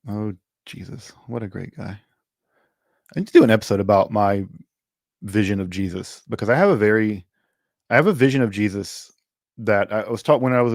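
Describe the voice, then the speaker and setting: A man's voice: lowish voice, dry recording, studio quality. A man from Mississippi, hosting a livestream Q&A and talking casually with lots of fillers and restarts. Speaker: host. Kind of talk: livestream Q&A chat.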